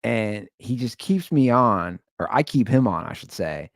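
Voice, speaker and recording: A man's voice: on the low side, lively intonation, unhurried, creaky, no room sound, studio quality. A man hosting his show, giving amused, rambling commentary on a prank call. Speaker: show host. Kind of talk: casual commentary.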